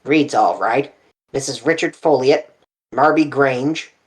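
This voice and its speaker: A reader voicing a brisk, matter-of-fact male police inspector. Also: medium pitch, natural voice, poor audio. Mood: businesslike.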